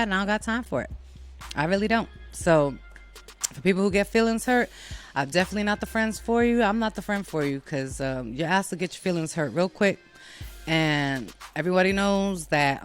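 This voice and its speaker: A woman hosting a show, giving a blunt, sassy and profane casual monologue, animated and putting on voices when she quotes people. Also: mid-range voice. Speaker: show host.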